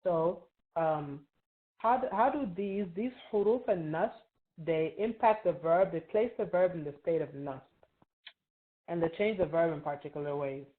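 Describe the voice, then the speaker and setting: A woman with a low voice leads a grammar review class, pausing often to ask "right?" and draw answers from her students. Her voice comes through a narrow, tinny, phone-like line. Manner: patient, quizzes students, frequent "right?" checks. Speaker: Arabic teacher. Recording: tinny phone-like online call.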